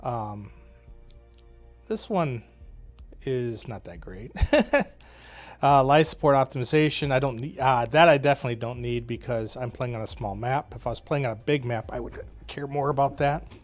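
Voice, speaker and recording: A man's voice: medium pitch, normal speed, soft background music. Man thinking aloud over a strategy game. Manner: thinking aloud, wry, with frequent "uh" and short laughs. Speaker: game developer playing his own game. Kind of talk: casual gameplay commentary.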